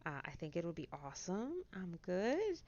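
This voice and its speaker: A woman streaming as she paints a miniature, chatting casually with viewers and slipping into quiet whispers as she concentrates. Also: fairly low pitch, wildly swooping pitch, moderate pace, muffled recording. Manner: chatty, drifts into soft whispers while concentrating. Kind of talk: casual livestream chat while painting.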